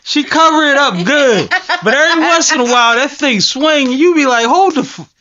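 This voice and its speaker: A man's voice: very high-pitched, a little fast, pushed and bright, a little hiss or hum. A man with a Philadelphia accent hosting a podcast, teasing his guest in casual slangy talk. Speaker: podcast host. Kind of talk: casual chat. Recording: slightly dull lo-fi sound.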